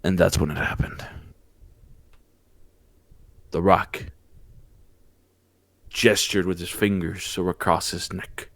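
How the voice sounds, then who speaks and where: A man's voice: sits low, slow, pauses often, no echo. A man hosting a casual podcast, telling a story with lots of energy, stumbling and repeating words as he goes. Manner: animated, mimics wrestlers in exaggerated voices, stumbles and repeats words. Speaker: podcast host. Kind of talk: casual podcast chat recapping wrestling.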